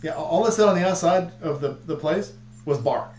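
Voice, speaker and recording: Chatty host in an echoey room. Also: male voice, a little high, moderate pace, a little mellow. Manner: rambling, chatty, with frequent restarts and jokes. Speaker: livestream host. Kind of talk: casual group chat on a livestream. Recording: echoey room with faint hum.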